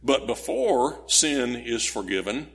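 A man's voice: mid-range voice, very animated, slow pace, vocal fry. A man preaching a sermon, explaining scripture in an earnest, teaching way and posing rhetorical questions to his listeners.

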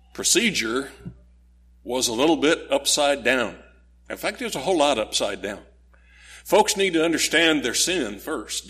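A man's voice: mid-range voice, a bit bright. A man preaching a sermon, explaining scripture in an earnest, teaching way and posing rhetorical questions to his listeners.

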